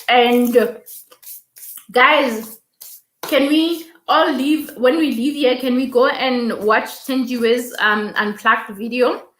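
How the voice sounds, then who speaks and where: A woman hosts a casual live stream, taking her time over each word in a slightly high voice. She chats along, repeats her thanks and reads viewer comments aloud. The sound is roomy and echoey, picked up by a mic at some distance. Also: fairly bright tone. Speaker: YouTube live stream host.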